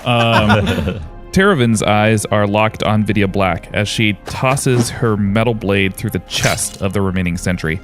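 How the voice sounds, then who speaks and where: A man narrating as game master in a tabletop game, in a steady, descriptive storytelling manner. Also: fairly low pitch, a little slow, soft background music.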